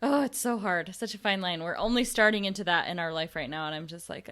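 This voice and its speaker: A woman hosting a podcast in casual chat, supportive and quick to laugh. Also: fairly low pitch, a bit bright. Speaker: podcast host.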